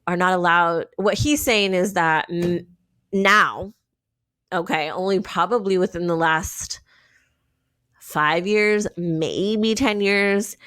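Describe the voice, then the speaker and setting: A woman hosting her own podcast, ranting in an animated, blunt way, swearing freely and often asking "right?". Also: fairly low pitch, no echo, studio quality. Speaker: podcast host. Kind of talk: solo commentary rant.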